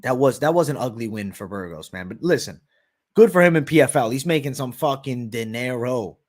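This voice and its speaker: Speaking at medium pitch, slightly fast and a bit mellow yet expressive, a man runs a live betting show. He answers viewers' questions in a loose, crude, cocky style, tossing in "bro" constantly.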